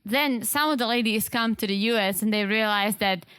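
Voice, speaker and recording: A woman's voice: a little high, brisk, a bit bright, clear, resonant tone, dry recording. A woman co-hosting a podcast, chatting about a reality show with blunt, incredulous remarks. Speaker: podcast co-host. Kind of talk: casual recap chat.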